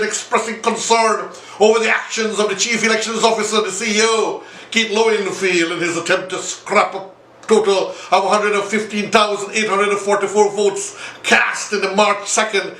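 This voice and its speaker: A man's voice: high-pitched, pushed and bright, roomy sound, distant mic, rough recording. A man hosting an impassioned political commentary show, addressing his viewers directly and repeating himself for emphasis. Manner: repetitive, appealing directly to viewers. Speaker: online show host.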